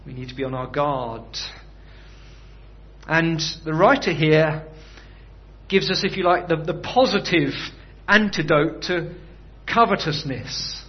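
A man's voice: a little high, takes it slowly, muffled recording. A man preaching a sermon in a conversational way, often putting rhetorical questions to his listeners.

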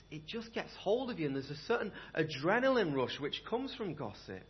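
A young man preaching a sermon in a church, conversational and animated, often asking the room rhetorical questions. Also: fairly high pitch, a little fast, hardly any pauses, highs cut off, slight background noise. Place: church hall.

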